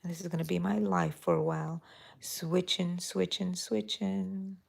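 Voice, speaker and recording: Middle-aged woman, crochet livestream host, low voice, very gravelly, soft and mellow, whispers now and then. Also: little pitch movement, measured pace. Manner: soft, mellow, drifting into whispers while counting stitches. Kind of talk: live crochet tutorial chat.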